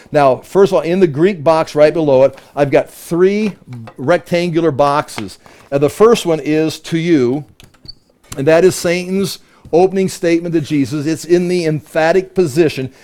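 A man's voice: on the high side, normal speed, a little mellow. A man leading a verse-by-verse Bible study, explaining Greek words and stressing key phrases while he checks his notes. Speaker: Bible teacher.

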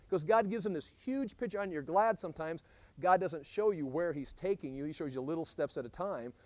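Animated man teaching Bible study. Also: fairly high pitch, brisk, no room sound. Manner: animated, acts out scripture quotes, frequent restarts.

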